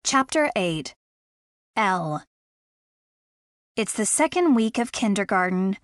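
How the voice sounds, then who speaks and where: A woman's voice: medium pitch, very animated, slow pace, no echo, clean studio sound. A woman narrating a romance audiobook in the first person, in a reflective, wistful way.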